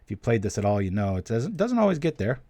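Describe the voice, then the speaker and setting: In a warm mid-range voice with big pitch swings, a man talks fast and without echo while hosting a card game show. His casual gameplay commentary is chatty, with him narrating each move to himself and slipping in small jokes.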